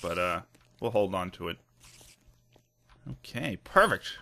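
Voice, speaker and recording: A man hosting a let's play who gives casual, excitable commentary with lots of laughs and jokes at his own expense. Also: low-pitched, slow, creaky, slight background noise. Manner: excitable, self-mocking, laughs often.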